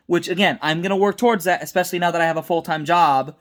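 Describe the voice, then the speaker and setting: A man's voice: a little high, fast, fairly bright tone. A tired young man giving a casual, unscripted episode review, rambling with restarts and mixing up names.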